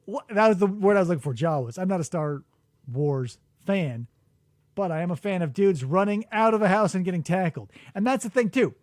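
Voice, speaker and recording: Podcast host, male. High, very expressive storyteller who acts out quotes. Dry studio sound. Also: fairly quick, no room sound. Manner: animated storytelling, acts out quotes, swears freely. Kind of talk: casual chat. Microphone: studio microphone.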